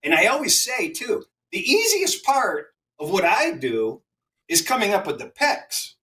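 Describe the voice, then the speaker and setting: A man who bets on sports and sells his picks, talking in an emphatic, lively way with his pitch swinging widely. His tone is bright and a little high, and his voice sits far from the mic. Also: measured pace. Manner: emphatic, repeats words when stressing a point. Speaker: sports handicapper guest. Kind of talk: casual panel talk.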